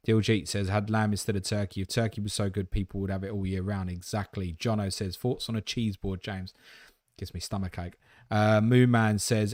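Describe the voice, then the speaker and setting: Casting: male stream host, lowish voice, dry close sound, blunt and jokey, swears freely. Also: darkish tone, no echo. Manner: blunt, swearing, matey banter. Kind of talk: live Q&A stream.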